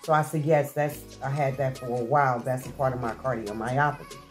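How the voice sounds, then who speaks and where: A woman's voice: very deep voice, fairly even intonation, a little fast, faint music behind. A middle-aged woman vlogger telling a personal story to her viewers in a chatty, heartfelt way, with many fillers and restarts. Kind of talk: casual storytelling to camera.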